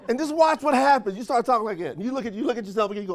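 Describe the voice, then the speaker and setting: A man with a high, bright-sitting voice delivers a motivational speech in an event room. He talks in folksy, countrified phrasing and leans on call-and-response, firing question after question at his listeners. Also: expressive, racing, few pauses. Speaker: motivational speaker at a sales training.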